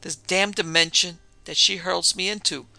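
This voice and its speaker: A man's voice: sits high, fairly even intonation, normal speed, vocal fry, no room sound, exaggerated voice, rough recording. A man playing a pompous, pudgy old-style mage. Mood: panicked. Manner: formal, pompous, bursts into yells.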